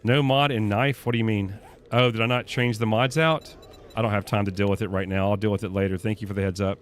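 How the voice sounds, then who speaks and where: A man's voice: fairly low pitch, fairly even intonation, fast. A young man streaming a survival game live, cursing, panicking and talking to his chat as he plays. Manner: profane, panicky, talks to chat. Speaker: gaming streamer. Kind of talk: live gameplay commentary. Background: faint game music.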